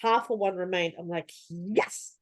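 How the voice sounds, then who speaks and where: A woman's voice: lowish voice, a little slow, no echo. A woman telling stories in casual chat, acting out her own reactions with animation. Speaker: host.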